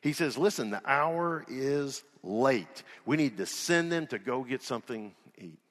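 A man's voice: mid-range voice, animated, measured pace, in a large hall. A man preaching a sermon as pastor in a church, folksy and joking, retelling scripture in a casual voice. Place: church sanctuary.

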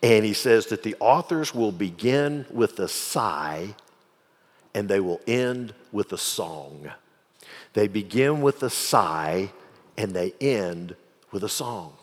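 A middle-aged man preaching a sermon in a conversational style, with soft asides and emphatic repetition. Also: fairly low pitch, expressive, slow pace, long reverb tail. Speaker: pastor.

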